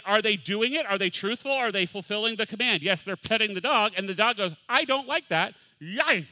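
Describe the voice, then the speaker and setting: A middle-aged man preaching a sermon, animated, acting out little voices and dropping to a hush for emphasis. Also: fairly high pitch, no room sound. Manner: animated, acts out voices, swings from loud to hushed. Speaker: pastor.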